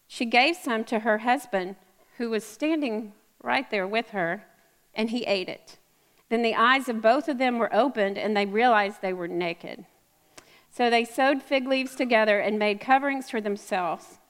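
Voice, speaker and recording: A woman giving a sermon to a live audience, reading scripture and chatting with asides and quick self-corrections. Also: fairly high pitch. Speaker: women's ministry speaker. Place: church or event hall with a live audience. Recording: echoey hall.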